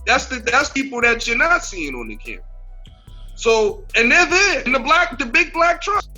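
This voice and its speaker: Bright high-voiced man debating emphatically. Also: sing-song, moderate pace, faint music behind. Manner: emphatic, repetitive restarts. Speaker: podcast co-host. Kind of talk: casual debate on a podcast.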